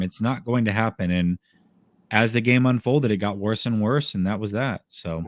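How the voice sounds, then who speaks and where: A man's voice: on the low side, moderate pace, no echo, clean studio sound. A man hosting a casual sports call-in show, taking callers and chatting in a laid-back, friendly way.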